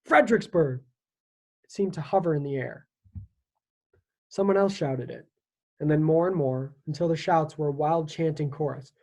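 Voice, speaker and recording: A teacher reading a children's historical novel aloud with lively, expressive storytelling. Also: mid-range voice, moderate pace, long pauses.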